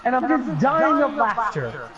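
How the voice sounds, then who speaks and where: Excitable guy on a podcast, keeps cracking up, swoops up and down a lot. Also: very high-pitched, unhurried, lo-fi sound, a loud crowd. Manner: animated, laughing storyteller. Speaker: podcast co-host telling a story. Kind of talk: casual chat.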